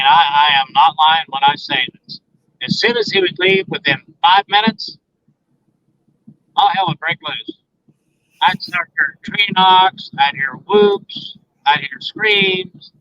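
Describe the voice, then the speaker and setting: A man's voice: on the high side, measured pace, pushed and bright, slight background noise. A man telling a story as a guest in a phone interview, earnestly retelling each exchange with many "I said" and "he said" remarks. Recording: dull lo-fi phone line.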